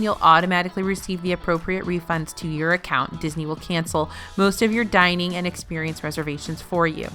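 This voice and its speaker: A woman's voice: mid-range voice, a bit bright. A woman hosting a weekly news roundup, reading in a news-anchor style with playful asides. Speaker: news host.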